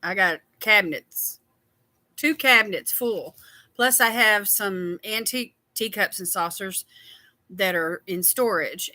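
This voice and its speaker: A woman's voice: medium pitch, bright, forceful tone, no echo. A woman hosting a casual skincare livestream, chatty and tired, greeting viewers by name.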